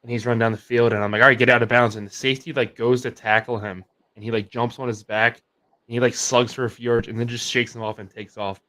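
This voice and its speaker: A young adult man co-hosting a casual sports livestream, telling animated stories full of "like" fillers. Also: medium pitch, fast. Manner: animated storyteller, many "like" fillers. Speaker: co-host.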